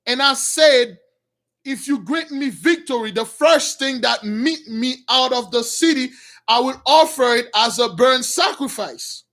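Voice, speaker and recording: A man's voice: extremely high pitch, unhurried, sharp tone, full character voice. A man voicing a grief-stricken warrior father who cries out in anguish while retelling a story. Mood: grave. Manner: anguished, crying out.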